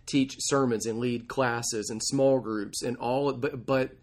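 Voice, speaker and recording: A man's voice: mid-range voice, fairly even intonation, slow, a little mellow. A man co-hosting a casual faith conversation, thoughtfully summing up ideas. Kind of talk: casual chat.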